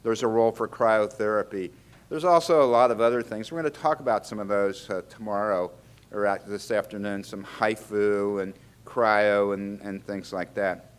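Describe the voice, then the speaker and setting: A man with a somewhat low voice gives a conversational medical lecture. He talks in a loose, chatty way, breaking off and restarting his sentences. He often turns to the audience with questions. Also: moderate pace, clear, resonant tone. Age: older. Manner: chatty, self-interrupting, asks the audience questions. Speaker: urologist giving a lecture. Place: lecture hall.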